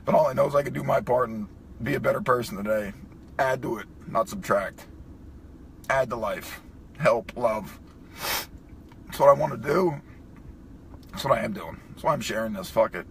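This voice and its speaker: A man's voice: mid-range voice, normal speed, vocal fry, pauses often, a bit bright, a little hiss or hum. A man talking emotionally in a profane vlog, crying and choked up as he speaks. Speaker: vlogger.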